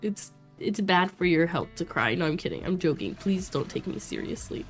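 A young woman from Florida streaming a life sim game, chatting casually with her viewers, reacting loudly and laughing often. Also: fairly low pitch, expressive, moderate pace. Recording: faint music behind.

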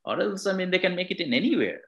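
A man's voice: high voice, big pitch swings, fast talker, fairly bright tone, highs cut off. A man, a film director giving a thoughtful interview answer and restarting his phrases as he explains. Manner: thoughtful, repeats words and restarts while explaining.

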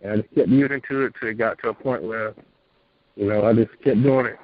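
A man's voice: lowish voice, fairly even intonation, fast talker, dry recording. A young man calling in to a show, earnestly telling his story in a plain, rambling way over a phone line. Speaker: caller. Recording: muffled phone-line audio.

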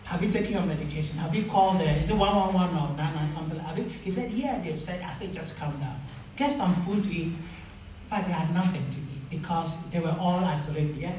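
A man preaching a sermon as pastor, telling stories and acting out the dialogue with rising pitch. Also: brisk, a little mellow, recorded from a distance, slight background noise. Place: church. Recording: echoey church hall, mic from afar.

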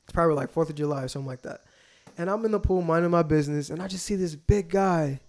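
A young man, a podcast guest, telling stories in an animated, excitable way during casual chat. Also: on the high side. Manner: animated storyteller, quick and excitable. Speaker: guest, aspiring wrestler.

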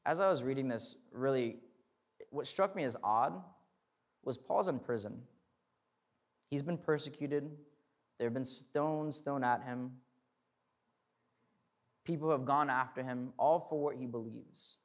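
A young man preaches conversationally, repeating words, restarting, and leaning on "like" and "right?" as he builds toward fervent emphasis. His mid-range voice moves at a measured pace with frequent pauses.

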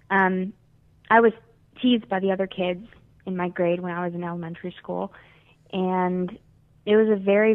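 A fifteen-year-old girl from South Florida, a singer being interviewed, talking earnestly and chattily with lots of fillers. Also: medium pitch. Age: teens. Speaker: guest singer. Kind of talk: phone interview. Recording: tinny phone line.

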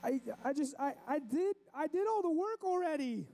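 A man voicing a small first-grade boy who complains in a high, whiny voice. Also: animated, moderate pace, dark tone. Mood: whiny, upset.

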